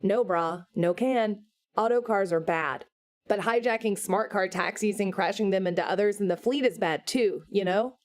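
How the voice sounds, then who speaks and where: A woman's voice: mid-range voice, normal speed, close to an everyday voice. Woman voicing a laid-back Hawaiian chauffeur. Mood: chatty. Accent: Hawaiian pidgin, put on. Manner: relaxed slangy patter. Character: young man with a Hawaiian accent, easygoing. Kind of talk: audiobook character voice.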